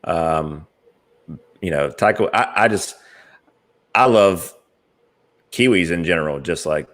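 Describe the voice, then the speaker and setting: A man's voice: low-pitched, slow, fairly bright tone. An American man hosting a casual podcast chat, rambling with many fillers and easy laughs. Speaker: podcast host.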